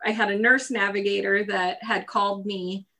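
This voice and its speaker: Bright-voiced woman telling her story. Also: medium pitch, little pitch movement, moderate pace. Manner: laughs often while telling her story. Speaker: guest. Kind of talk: casual interview storytelling.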